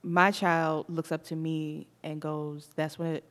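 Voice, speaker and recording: Young Southern woman, podcast host, slight lisp, animated slangy chat with frequent laughs. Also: sits low, takes it slowly. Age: young adult.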